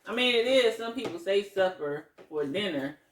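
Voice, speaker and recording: A woman's voice: medium pitch, expressive, moderate pace, far from the mic. A woman hosting a family mukbang at home, chatting and laughing between bites. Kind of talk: casual family chat while eating. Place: home dining area. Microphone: phone set at a distance. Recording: echoey room, phone mic away from her, faint noise.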